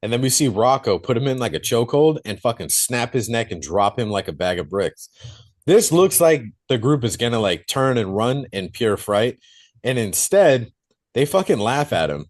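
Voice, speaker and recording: A man co-hosting a podcast, casually retelling a movie plot in animated detail and swearing freely. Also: mid-range voice, moderate pace. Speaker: podcast co-host reviewing a film.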